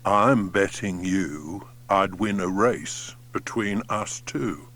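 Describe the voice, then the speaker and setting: A man reading an audiobook and voicing a slow, scheming old male tortoise who speaks deliberately. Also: low-pitched, fairly bright tone, pitched below the performer's own voice, heavily acted. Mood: sly, deliberate.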